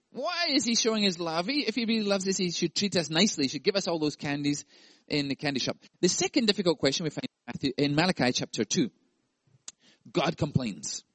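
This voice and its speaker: A man's voice: fairly high pitch, fairly bright tone, slightly rough, no echo. A male pastor preaching a sermon, playful and jokey, acting out voices.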